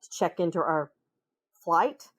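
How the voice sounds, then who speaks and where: Woman with a Minnesota accent, chatty guest, animated anecdote-teller. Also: on the low side, measured pace. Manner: animated, acts out voices in her anecdotes. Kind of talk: casual storytelling conversation.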